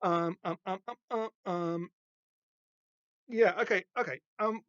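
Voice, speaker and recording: A man hosting a podcast, talking through a comic book in a rambling, halting way with lots of fillers and restarts. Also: high-pitched, fairly bright tone, dry recording. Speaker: podcast host. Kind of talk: casual comic book discussion. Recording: dull, dry lo-fi podcast recording.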